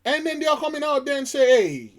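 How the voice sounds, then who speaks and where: A man's voice: extremely high pitch, flat delivery, rapid-fire, fairly bright tone. A man hosting his own channel, giving casual spiritual commentary on the news in a rambling, emphatic way that repeats his points. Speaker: channel host.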